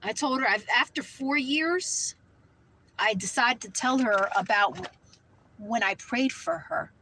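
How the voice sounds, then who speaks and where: A woman's voice: a little high, slow, bright, forceful tone, slight background noise, poor audio. A woman speaking fervently about faith and spirits, warning listeners with many "you know" fillers. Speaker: Christian vlogger. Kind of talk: earnest religious talk.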